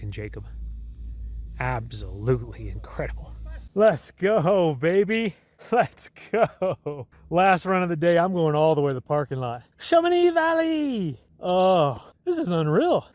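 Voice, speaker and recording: A man talking in a casual, rambling vlog style as he skis, enthusiastic, speaking warmly about his faith. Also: a little high. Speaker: travel vlogger. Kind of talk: casual vlog narration while skiing. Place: outdoors on a ski mountain.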